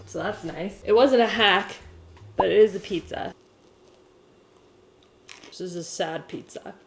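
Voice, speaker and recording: In her home kitchen, a young pregnant cooking vlogger talks casually to a camera on a stand while she cooks, self-mocking and chatting to herself. Her voice is mid-range and creaky.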